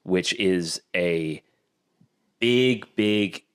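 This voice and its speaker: A man hosting a podcast in casual chat, telling a film's plot in a lively, animated way with quick asides. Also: deep voice, clear, resonant tone. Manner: animated storytelling, quick asides, acts out quotes. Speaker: podcast host.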